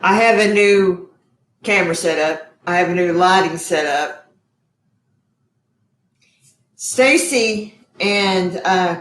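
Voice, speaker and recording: A woman's voice: on the low side, roomy sound. Chatty woman hosting a live cooking show. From Texas. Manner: chatty and effusive, addressing viewers as y'all. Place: home kitchen.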